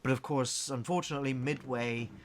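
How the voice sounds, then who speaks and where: A man co-hosting a game review show, explaining background facts in a measured, informative way with some hesitations. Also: mid-range voice, fairly even intonation. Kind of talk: casual review chat.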